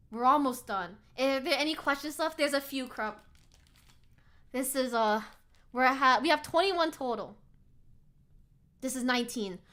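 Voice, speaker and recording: A woman's voice: high-pitched, pushed and bright. A young woman hosting a quiz on a live stream, chatting casually, laughing often, reading chat aloud and swearing freely.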